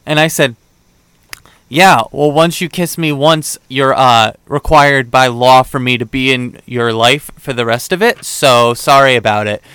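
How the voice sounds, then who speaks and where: This young podcast host has a smooth, medium-pitched, slightly bright voice and keeps a measured pace on a dry recording. Chatting casually, he wanders through a dating story, voicing both sides of the dialogue with many fillers.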